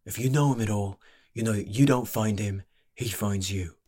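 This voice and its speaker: Man putting on a gruff old barkeep, loud and high. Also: normal speed. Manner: growling, wheedling, slangy. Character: weary, pot-bellied old male barkeep, gruff and wary.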